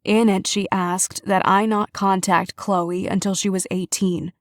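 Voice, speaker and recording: Grieving aunt figure, soft and quavering, dry close read; a woman narrator does the part. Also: medium pitch, little pitch movement, unhurried, no room sound, natural voice. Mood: measured, sorrowful. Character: grieving middle-aged woman, sister's guardian. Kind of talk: audiobook character reading.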